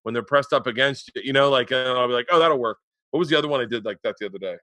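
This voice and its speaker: A man in his forties hosting a remote podcast, telling rambling stories that turn loud and laughing. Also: mid-range voice, rapid-fire. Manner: rambling storyteller, gets loud and laughing in anecdotes. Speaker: podcast host. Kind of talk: casual chat. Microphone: remote podcast mic.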